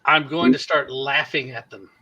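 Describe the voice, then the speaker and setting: A man playing a tabletop game, speaking in a halting, hesitant way. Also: medium pitch, fairly even intonation, sharp tone, dull audio. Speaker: player. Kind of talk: casual tabletop play.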